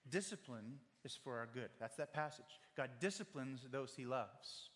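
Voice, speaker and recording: A man's voice: mid-range voice, animated, normal speed, a bit bright. Man preaching in an echoing hall. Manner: earnest, addresses listener directly, acts out quoted voices. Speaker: pastor. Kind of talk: sermon. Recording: long hall reverb.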